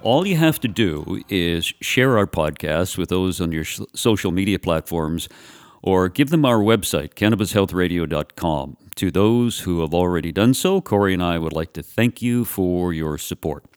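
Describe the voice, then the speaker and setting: Man, podcast host, low voice, measured delivery, dry close sound. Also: lively intonation, no echo. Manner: measured, slows for emphasis. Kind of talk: radio podcast hosting.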